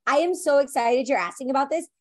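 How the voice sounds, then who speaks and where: A woman actor in an interview, chatting casually and telling lively stories full of "like" and "you know". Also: sits high, fast talker. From United States. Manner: animated storyteller, many fillers like "like" and "you know".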